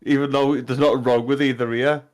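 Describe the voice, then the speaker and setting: Male player, amused, steady middle voice. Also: medium pitch, fairly quick, soft background music. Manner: amused, narrates his character's actions. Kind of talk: casual tabletop play.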